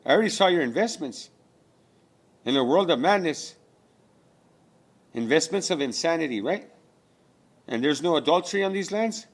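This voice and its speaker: A man's voice: a little high, expressive, moderate pace, long pauses. A man delivering a rambling spiritual rant, profane and preachy, full of rhetorical questions.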